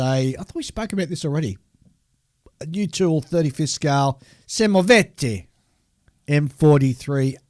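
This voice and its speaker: A man's voice: medium pitch, darkish tone, dry recording. Man reading model kit news, dry sound. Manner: stumbles over foreign kit names and laughs at himself. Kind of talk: casual chat reading a news list.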